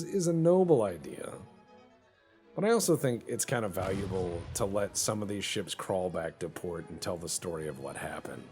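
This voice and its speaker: Gravelly low-voiced man commenting on a game. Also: darkish tone. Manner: joking, sarcastic, does silly little voices for ships. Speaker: gameplay commentator. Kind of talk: casual let's-play commentary.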